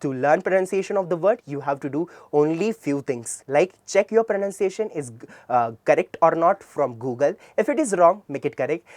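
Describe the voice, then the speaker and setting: Fairly high in pitch yet darkish in tone, this man's expressive voice moves at normal speed, captured dry. Speaking with an Indian English accent, he delivers an earnest classroom-style tutorial on communication skills, often asking something and answering it himself.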